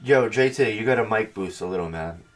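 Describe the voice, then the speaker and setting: A man hosting a podcast in casual chat, talking in a profane, animated, mocking way into a headset or phone mic on a call. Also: on the low side, brisk. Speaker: podcast host.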